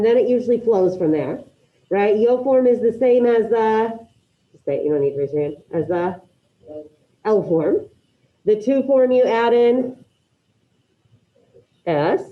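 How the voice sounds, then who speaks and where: A woman's voice: a little high, big pitch swings, measured pace, long pauses. A woman teaching a Spanish class online, calling on students by name and encouraging their answers. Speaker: high school Spanish teacher. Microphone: video call. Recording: dull lo-fi video call audio.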